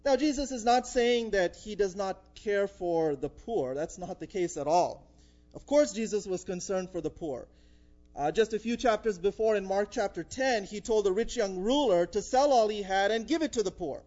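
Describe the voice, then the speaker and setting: A man's voice: high voice, moderate pace, darkish tone, lo-fi sound. A man preaching a sermon in a conversational way, with frequent "uh" fillers. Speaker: pastor.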